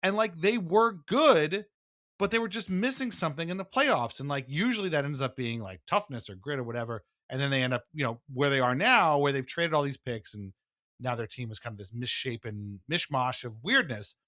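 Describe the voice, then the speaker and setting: A man co-hosting a casual sports podcast, talking in an animated way with quick asides and frequent laughs. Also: mid-range voice, no room sound, studio quality. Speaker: podcast co-host.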